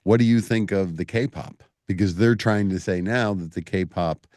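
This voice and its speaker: A man with a very low voice hosts a radio interview, upbeat and quick to laugh. The sound is dry and close, with no room around it. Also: a little mellow, no echo. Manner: enthusiastic, laughs easily, talks business. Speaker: radio host and club owner. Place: radio studio.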